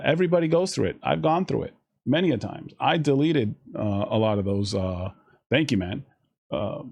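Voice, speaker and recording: A man talks casually to his stream audience, handing out blunt advice. His talk is loose and rambling, with plenty of swearing. His voice sits at an ordinary middle pitch. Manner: profane, rambling, animated with voiced asides.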